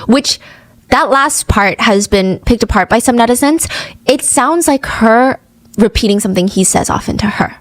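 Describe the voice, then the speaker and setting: A woman's voice: fairly high pitch, lively intonation, moderate pace, dry recording, poor audio. A woman hosting a true crime show, retelling the case in a chatty, casual way and acting out quoted lines.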